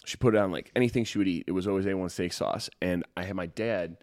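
A young man, a podcast guest, telling stories in casual chat, animated and swearing freely. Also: low voice, fast talker, no room sound, studio quality. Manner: animated, swears, acts out the people in his stories. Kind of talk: casual storytelling.

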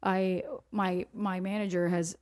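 A woman's voice: fairly low pitch, level tone, measured pace, a little mellow. A woman hosting a podcast, chatting casually with her guest and swearing freely. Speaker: podcast host. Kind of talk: casual interview chat.

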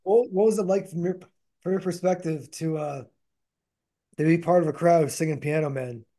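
A man's voice: a little high, normal speed, warm tone, no room sound, studio quality. A man co-hosting a casual podcast chat, easygoing and teasing, with frequent ums. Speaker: podcast co-host.

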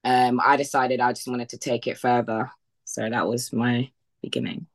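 Deep-voiced woman from the UK, guest on a podcast, chatty storyteller who mimics others' lines. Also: level tone, moderate pace. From United Kingdom. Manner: retells past conversations in quoted voices, with frequent fillers and laughs. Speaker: podcast guest, bodybuilding athlete. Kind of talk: casual conversational storytelling.

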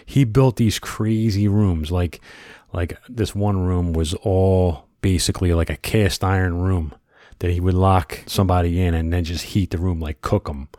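A man, co-hosting a casual chat and telling stories with animated, acted-out quotes. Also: low-pitched, measured pace, no echo, studio quality. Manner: animated storyteller who acts out quotes loudly.

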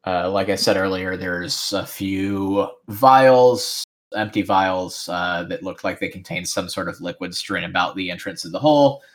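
A man narrating as game master of a tabletop game, relaxed and rambling with lots of fillers. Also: sits low, unhurried, hardly any pauses.

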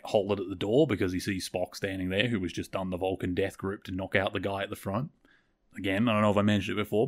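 Chatty man recapping a TV episode. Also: fairly low pitch. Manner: chatty, animated retelling with quick quoted asides. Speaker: podcast host.

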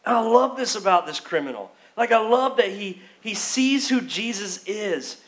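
A pastor with a notably high voice delivers a sermon. He talks in a loose, conversational way, often acting out quoted pleas. He sounds like he is speaking in a church. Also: lively intonation, normal speed, fairly bright tone.

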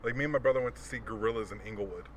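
A man's voice: lowish voice, rapid-fire, slight background noise. A man telling a story in casual, profane chat, acting out the voices of people he quotes.

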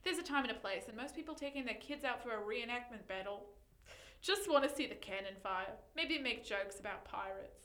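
Young woman cohosting a chatty podcast, giggly and animated, bright voice, echoey room. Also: on the high side, a little fast. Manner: giggly, animated, breaks into loud laughter. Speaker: podcast co-host. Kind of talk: casual chat, reading posts aloud.

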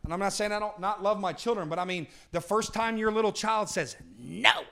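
High-voiced man preaching with sudden swings. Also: fairly even intonation, brisk. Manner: dynamic, swings from booming to hushed; talks with the congregation, asks for responses. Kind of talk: sermon.

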